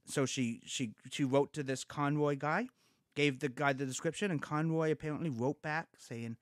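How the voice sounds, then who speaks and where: A man's voice: fairly high pitch, steady tone, moderate pace, dry recording, studio quality. A man hosting a casual podcast chat, telling local ghost stories and acting out quoted lines along the way. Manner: chatty, acts out quoted lines with small voice shifts.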